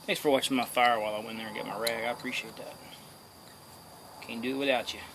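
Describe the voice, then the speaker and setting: A man's voice: medium pitch, steady tone, fast talker. A man joking around and talking to himself and his viewers while working by a fire outdoors, filmed on a phone. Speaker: hobby metalworker. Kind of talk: casual self-filmed commentary. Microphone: phone camera. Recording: loud outdoor noise on phone.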